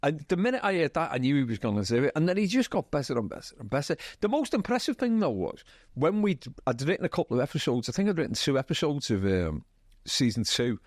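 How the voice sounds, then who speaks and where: Animated Scouse man telling stories. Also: fairly high pitch, fast talker, dry recording, studio quality. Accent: Liverpool (Scouse). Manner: animated storyteller, acts out quotes, laughs often. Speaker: TV writer being interviewed. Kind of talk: casual anecdotal interview chat.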